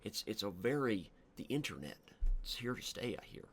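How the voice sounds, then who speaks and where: A man with a lowish voice, joking his way through live chess commentary. He rambles playfully between moves as he streams. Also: big pitch swings, moderate pace, a little hiss or hum.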